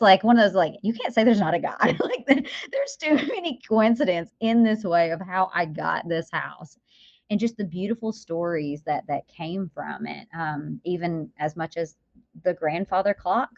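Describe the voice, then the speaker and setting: A woman's voice: fairly low pitch, moderate pace, vocal fry, dry recording. Woman storyteller with a dull, dry sound. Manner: animated storytelling with laughs and acted quotes. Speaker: guest, author. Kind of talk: podcast interview.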